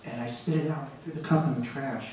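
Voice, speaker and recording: A man telling a personal story on stage, moving between hushed, sombre narration and loud, excited retelling. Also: mid-range voice, fast. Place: arts center stage before a live audience. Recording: echoey hall from far off, dull and noisy.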